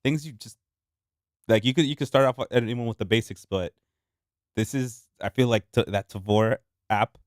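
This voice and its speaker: A man co-hosting a casual beer podcast, playful and quick to laugh. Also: medium pitch, no echo, clean studio sound. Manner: laughs often, lively and playful. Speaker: podcast co-host. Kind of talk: casual chat over beer tasting.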